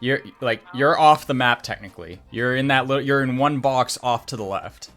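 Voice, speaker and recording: A man running a tabletop game as game master, narrating in a relaxed, chatty way. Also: medium pitch, normal speed, soft background music.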